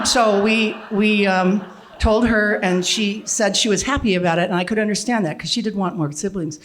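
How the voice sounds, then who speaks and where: An older woman telling a personal story to an audience, with frequent restarts and throat clearing. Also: medium pitch.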